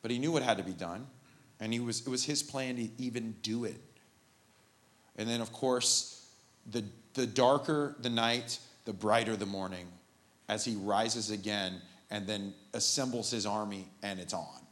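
Man preaching a lively sermon. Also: on the low side, moderate pace. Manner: animated and informal, with asides and jokes. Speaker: pastor. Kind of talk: conversational sermon. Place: church service, live.

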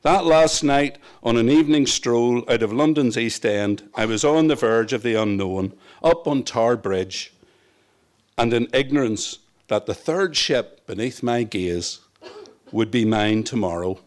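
A man from Northern Ireland reads his own memoir aloud in the first person, wry and reflective as he tells his stories. He narrates unhurriedly at medium pitch with lively intonation.

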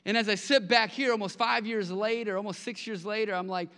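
A man preaching a sermon to his congregation, conversational and animated, telling stories with acted-out quotes. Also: high-pitched, brisk, few pauses, clean tone. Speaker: pastor. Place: church sanctuary. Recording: long hall reverb.

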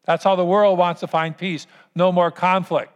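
A man's voice: high-pitched, level tone, normal speed, clean tone, in a large hall. A man preaching a sermon as pastor, earnest and storytelling, asking the congregation to repeat lines after him.

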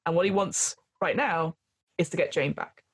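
A woman's voice: fairly low pitch, normal speed, husky. A woman runs a tabletop horror game as game master, narrating scenes and calling for rolls. She rambles along with many fillers as she describes what happens.

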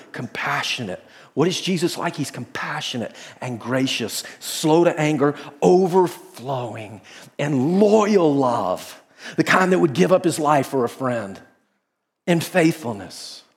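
A man preaching to a large auditorium, telling vivid stories with energy that rises into excited exclamations and then falls to near-whispers. His voice sits at an ordinary middle pitch and rings out with a long reverb tail from the big room. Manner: animated storytelling, dropping to hushed tones. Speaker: pastor. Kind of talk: sermon.

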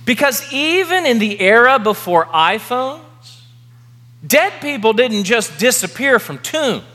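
Pastor guy preaching slow and emphatic, high bright voice, big reverby church. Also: sing-song. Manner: emphatic, repeats key words slowly for effect. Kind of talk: sermon. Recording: long reverb of a large hall.

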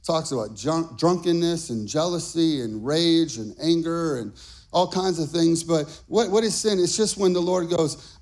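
A pastor preaching a sermon, his voice climbing into shouted, half-sung phrases. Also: fairly high pitch, moderate pace.

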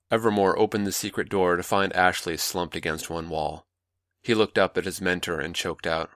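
A man narrating an audiobook in an even, steady storytelling manner, recorded close and dry. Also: sits low, normal speed, no room sound. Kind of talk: scripted narration.

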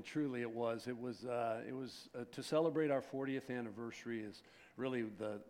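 A man's voice: medium pitch, darkish tone. A man in his sixties, a pastor who prays and then greets his church in a chatty, rambling way full of fillers and restarts. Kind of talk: sermon with prayer and casual church greeting. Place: church sanctuary.

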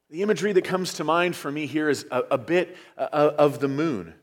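A middle-aged man preaching a sermon as pastor, earnest, rising on emphatic points and dropping low at the ends of phrases. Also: a little fast, few pauses. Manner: earnest preaching with emphatic rises and hushed endings.

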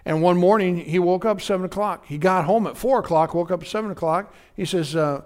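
A male pastor delivering a midweek sermon in an easy, conversational way. His voice sits a little higher than most men's. He keeps asking the congregation whether they are with him. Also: fairly quick, few pauses, darkish tone.

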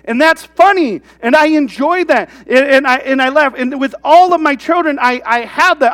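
A man with a fairly high voice delivers a relaxed, conversational sermon. He keeps tossing rhetorical questions at the room and tells stories from family life. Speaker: pastor.

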